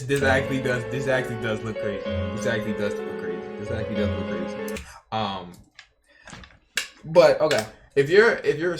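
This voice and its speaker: A young man streaming, reacting casually to a video, rambling and repeating himself while swearing and talking to his chat. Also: mid-range voice. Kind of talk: casual live reaction commentary.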